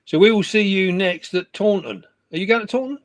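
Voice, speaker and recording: A man's voice: high voice, brisk, no echo. A middle-aged man, chatting and laughing on a live stream from his room at home. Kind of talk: casual chat.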